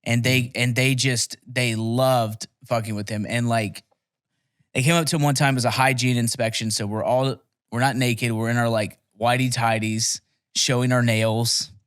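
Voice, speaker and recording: A man's voice: mid-range voice, flat delivery, normal speed, fairly bright tone, clear, resonant tone, no echo, studio quality. A young man telling rambling, profane stories in a casual podcast chat. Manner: rambling, profane storytelling with laughs. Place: podcast studio.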